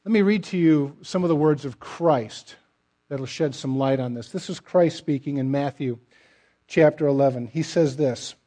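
A middle-aged man preaching a sermon, emphatic and direct, often letting his phrases trail off softly. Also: on the high side, moderate pace. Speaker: pastor.

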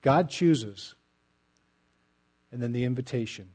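Emphatic preacher man with a dark voice. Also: mid-range voice, measured pace. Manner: emphatic preaching, with many soft trailing phrase ends. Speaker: pastor. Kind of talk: sermon.

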